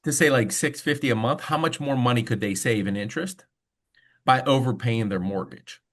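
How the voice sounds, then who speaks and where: A man's voice: mid-range voice, moderate pace, fairly bright tone. Casual-talking mortgage man on a video call. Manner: casual storytelling, conversational fillers. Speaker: mortgage loan officer. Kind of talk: webinar presentation.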